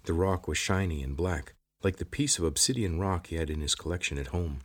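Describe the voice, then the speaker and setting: A man narrating an adventure audiobook with steady storytelling. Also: low-pitched, fairly quick, hardly any pauses, husky.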